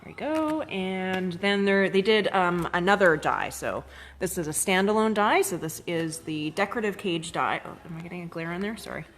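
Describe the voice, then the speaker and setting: Woman, craft shop host, live-streamed product demo, chatty, filler-heavy, greets viewers, lowish voice. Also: lively intonation, moderate pace.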